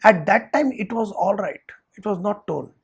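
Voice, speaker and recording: Brief: a man doing a soft, stammering young student with a husky voice. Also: sits high, animated, normal speed, exaggerated voice. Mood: hesitant. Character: meek then indignant young male student.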